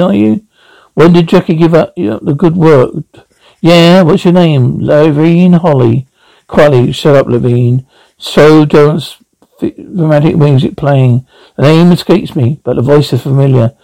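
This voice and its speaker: Gravelly man reading an audio drama. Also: a little high, warm tone, dry recording, rough recording. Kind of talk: audio drama with spoken sound cues.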